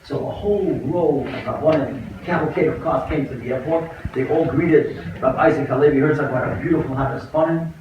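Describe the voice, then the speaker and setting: Rabbi preaching in an echoey hall. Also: male voice, a little high, fairly quick, hardly any pauses, highs cut off. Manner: dramatic, swings from hushed to impassioned. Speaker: rabbi giving a banquet speech. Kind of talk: storytelling speech. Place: large banquet hall. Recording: echoey hall recorded from far off, faint noise.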